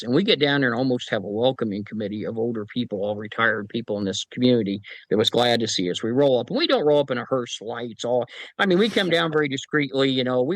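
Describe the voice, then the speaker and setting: A man working as a paranormal investigator, telling anecdotes as a podcast guest in a relaxed way with wry humor. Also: mid-range voice, no echo, rough recording. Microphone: podcast microphone.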